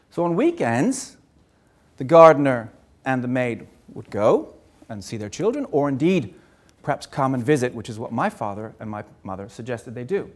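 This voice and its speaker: A man in his sixties from Germany, giving a personal talk on a stage, earnest and measured, often repeating words. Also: mid-range voice. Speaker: speaker.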